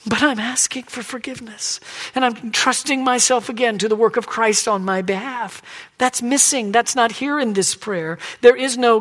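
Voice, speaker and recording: A man preaching a sermon who swings from hushed whispers to loud, emphatic pleading and acts out quoted voices. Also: high voice, fairly quick. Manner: acts out God and the people in quoted lines. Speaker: pastor.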